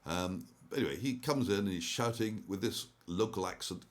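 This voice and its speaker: Brief: older male commentator, very low voice, meandering storyteller, frequent fillers. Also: moderate pace. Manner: rambling, with many ums and restarts. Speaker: investment commentator. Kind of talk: casual monologue.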